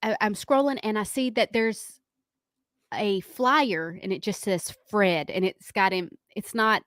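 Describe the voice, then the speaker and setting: A woman co-hosting morning radio, easygoing and chatty. She tells rambling stories in a mid-pitched voice with a dry, close sound. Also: unhurried, a bit bright, no echo. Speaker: radio morning show co-host. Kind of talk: casual radio chat.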